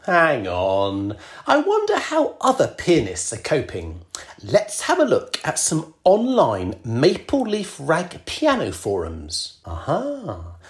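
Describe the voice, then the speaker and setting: Low-voiced woman, lively podcast host. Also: takes it slowly. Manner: self-deprecating, exclaiming in mock alarm. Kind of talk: scripted podcast narration.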